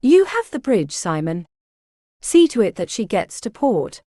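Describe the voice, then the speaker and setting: A woman's voice: mid-range voice, big pitch swings, a little slow, dark tone, no room sound, studio quality. A woman voicing a commanding male ship captain, curt and authoritative, in an audiobook.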